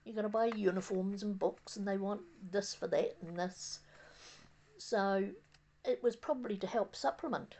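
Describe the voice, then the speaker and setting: An older woman from New Zealand with a New Zealand accent, reminiscing in a casual, rambling monologue outdoors on a windy day, halting often with fillers and restarts. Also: mid-range voice, a little mellow. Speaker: vlogger.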